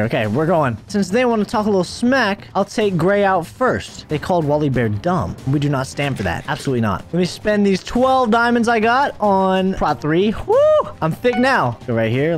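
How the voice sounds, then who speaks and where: A young man rattles off excitable gameplay commentary, his high voice swinging wildly up and down. He teases opponents in a playful, mock-serious way and jumps into sudden yelps, with soft music running underneath. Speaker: gaming YouTuber.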